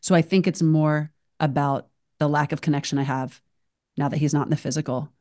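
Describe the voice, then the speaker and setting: A woman's voice: sits low, steady tone, a little fast, mellow. A woman hosting a podcast, talking openly in long, emotional run-on thoughts. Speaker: podcast host. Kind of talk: casual conversation.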